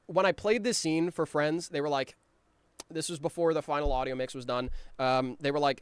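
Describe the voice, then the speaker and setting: Rambling animator, smooth dry voice. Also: male voice, on the high side, dry recording. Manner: rambling, with lots of ums and restarts; acts out his characters' lines in quick voices. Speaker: animator giving creator commentary. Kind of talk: casual commentary over his cartoon.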